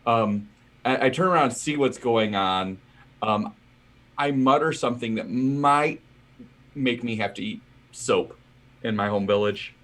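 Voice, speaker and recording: A man's voice: medium pitch, unhurried, a bit bright. A man playing his character in a tabletop game, talking hesitantly with many fillers. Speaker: player.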